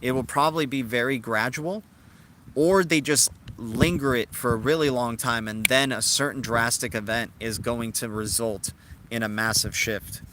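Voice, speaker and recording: A man hosts a live stream in a loose, chatty way, answering viewers in the chat as he goes. His voice is bright and sharp, sitting at an ordinary middle pitch. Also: normal speed, a little hiss or hum. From Cuban heritage. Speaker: crypto livestream host. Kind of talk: casual live-stream commentary.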